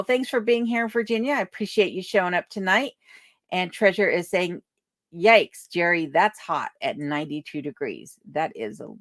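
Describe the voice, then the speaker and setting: A woman's voice: fairly low pitch, dry recording, clean studio sound. A woman from Alaska hosting a casual livestream, reading viewer comments aloud and thanking people one by one. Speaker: livestream host reading chat. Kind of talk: casual live chat. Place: remote home in Alaska.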